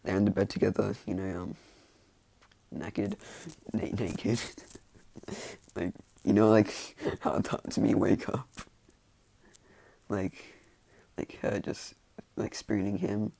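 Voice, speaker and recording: A man's voice: on the low side, level tone, slow, vocal fry, long pauses, warm tone, breathy edge. A man casually telling a fan-made story in a rambling, hesitant way, restarting often and chuckling along.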